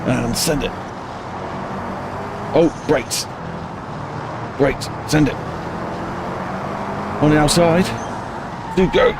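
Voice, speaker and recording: Excitable man over loud car noise. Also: a little high, drawn-out words, pauses often. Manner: excitable, chatty, reacting to the race. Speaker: streamer. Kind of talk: live racing game commentary. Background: loud racing car engine noise.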